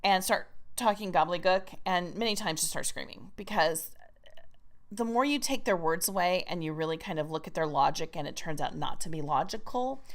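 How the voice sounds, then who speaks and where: A woman's voice: lowish voice, lively intonation, normal speed. A woman teaching a recorded writing course in an emphatic, chatty manner. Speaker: writing coach.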